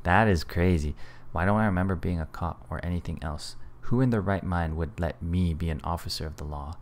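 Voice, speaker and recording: A man's voice: low voice, a little fast. A man casually commenting on a game he is playing, playful and amused. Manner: playful, amused, reading choices aloud. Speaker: gaming video host.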